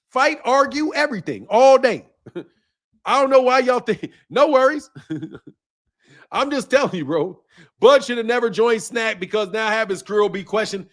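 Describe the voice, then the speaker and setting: Man, boxing channel host, live stream, high-pitched voice, blunt and profane, laughs a lot. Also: lively intonation, normal speed, pauses often. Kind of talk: live stream chat with viewers.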